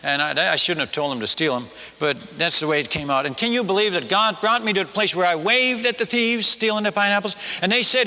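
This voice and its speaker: Bright, animated missionary preacher in a hall. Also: male voice, sits high, a little fast, hardly any pauses, slight background noise. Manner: animated, self-mocking, with stammered restarts. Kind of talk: sermon storytelling.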